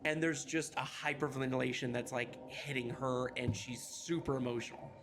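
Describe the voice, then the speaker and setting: A man's voice: mid-range voice, steady tone, moderate pace. A man narrating a tabletop game as game master in a loose, filler-heavy way. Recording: background noise.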